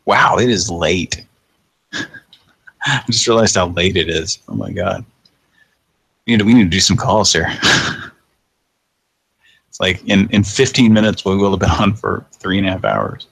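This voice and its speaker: A man's voice: low voice, animated, measured pace, creaky, pauses often, a bit bright, breathy edge, no echo. A man in his thirties hosting a late-night live show, tired and yawning, chatting casually and chuckling as he thinks aloud. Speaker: podcast host.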